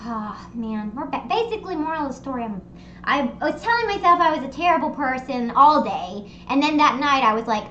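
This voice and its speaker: A young woman hosting a casual livestream chat from home, telling stories in an animated, rambling way with lots of fillers. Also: high-pitched, brisk, reverberant, dull audio, a little hiss or hum. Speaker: streamer hosting a live hangout. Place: her home. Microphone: streaming desk mic.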